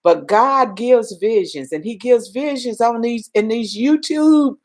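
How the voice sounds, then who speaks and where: A woman's voice: fairly high pitch, unhurried. A Southern woman hosting a casual livestream, greeting viewers by name and urging them on in a folksy, preachy way. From Southern United States. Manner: animated, swings between loud urging and soft murmurs. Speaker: livestream host. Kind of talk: casual live-stream chat.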